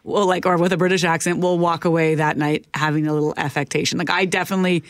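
Female morning radio co-host, animated storyteller who laughs easily. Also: fairly low pitch, quick pace. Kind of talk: casual morning radio banter.

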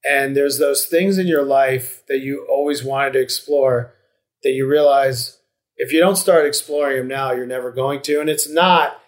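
A man in casual podcast chat, talking in a reflective, rambling way with many restarts and fillers. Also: medium pitch.

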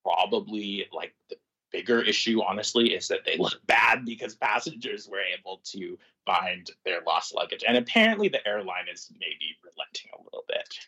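A man's voice: on the low side, big pitch swings, normal speed, sharp tone, husky, low-quality recording. A man co-hosting a casual news chat show, reading articles aloud and laughing often. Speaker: co-host reading news items.

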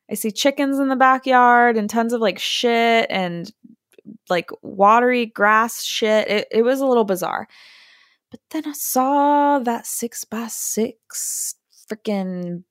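Woman, podcast host, casual storytelling, animated, dry close sound. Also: no room sound. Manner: animated, acts out quotes in hushed and high voices.

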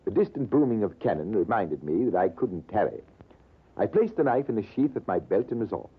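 A husky army major, swinging his pitch wide as he spins his war story. His telling is measured and dramatic. The sound is thin and lo-fi, like an old radio broadcast. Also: big pitch swings, heavily acted. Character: British army major spinning a tale. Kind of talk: 1940s radio acting.

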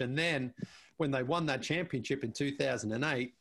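A man's voice: medium pitch, moderate pace, fairly bright tone. A man talking casually as a podcast guest, repeating his words and acting out what others said. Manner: chatty, repeats words, acts out quoted speech. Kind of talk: casual conversation.

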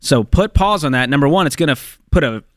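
A man's voice: fairly high pitch, lively intonation, fast talker, fairly bright tone, no room sound, clean studio sound. A man co-hosting a radio show, giving upbeat, encouraging money advice. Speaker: radio co-host. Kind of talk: casual advice chat.

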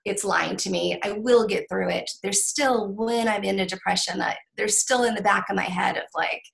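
A middle-aged woman author in a candid interview, talking haltingly with many restarts and ums. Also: medium pitch, fairly even intonation, creaky, fairly bright tone, poor audio. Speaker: author guest.

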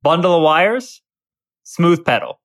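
A man's voice: a little high, very animated, slow pace, fairly bright tone, no room sound. A man with a Northeast Pennsylvania accent co-hosting a casual podcast, playfully teasing his co-hosts. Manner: playful, teasing game presenter. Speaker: podcast co-host. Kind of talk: casual chat.

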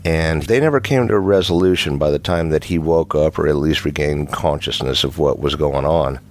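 A middle-aged man telling his own paranormal story in a casual, halting way, with restarts and nervous chuckles. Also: very deep voice, no echo. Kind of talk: casual first-person storytelling.

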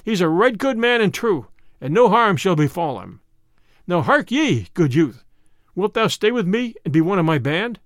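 Man putting on a merry outlaw leader, jovial, hearty archaic speech, high and lively, storybook reading. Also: normal speed, dry recording, studio quality.

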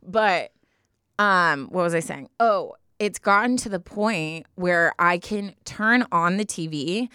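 A woman's voice: on the low side, pushed and bright, smooth, no echo, clean studio sound. Emotional, dramatic young woman. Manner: emotional, dramatic storytelling, quick to laughs and tears. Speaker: podcast co-host. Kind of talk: casual chat.

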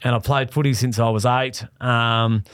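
Brief: forties Aussie bloke, comedian guest, animated yarn-spinner, dry close sound. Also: male voice, mid-range voice, moderate pace, clear, resonant tone, no room sound. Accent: Australian. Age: 40s. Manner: animated, swearing storyteller who laughs often. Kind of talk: casual storytelling chat.

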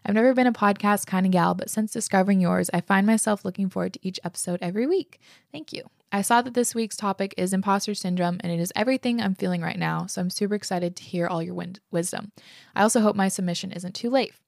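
Gravelly young woman podcast host. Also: medium pitch, fast talker, a little mellow, dry recording, studio quality. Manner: casual and chatty, swears freely, gushes with enthusiasm. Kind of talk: casual podcast, reading listener letters aloud.

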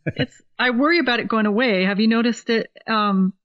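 A woman's voice: on the high side, a little fast. Chatty woman from Oregon, lo-fi sound. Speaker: guest musician. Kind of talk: casual podcast interview.

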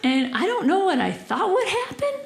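A young woman telling a stand-up story on a club stage, giggling often, saying "like" a lot and putting on squeaky voices. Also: big pitch swings, normal speed, creaky. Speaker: stand-up comedian. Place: comedy club stage before a laughing audience. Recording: roomy live club sound with audience.

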